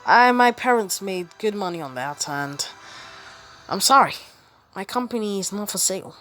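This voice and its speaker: A woman's voice: medium pitch, animated, moderate pace, a bit bright, soft background music, lightly acted. A woman voicing a polite, hesitant young male hero with a secret identity.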